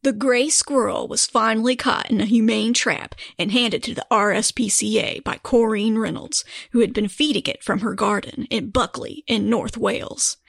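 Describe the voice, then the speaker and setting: Husky, gravelly woman reading news. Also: fairly high pitch, moderate pace, hardly any pauses, no room sound, studio quality. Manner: reads articles aloud with frequent laughs. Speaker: podcast co-host. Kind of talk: casual chat, reading news aloud.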